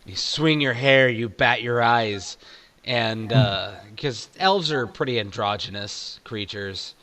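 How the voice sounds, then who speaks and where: A man's voice: mid-range voice, slow pace, bright, forceful tone. A man running a tabletop game who narrates loosely, with many fillers and a lot of laughing. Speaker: game master.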